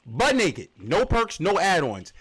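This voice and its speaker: Lively man hosting a game tournament stream. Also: high voice, takes it slowly, breathy edge. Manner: lively, explains rules with joking asides. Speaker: tournament host and caster. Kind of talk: livestream game commentary.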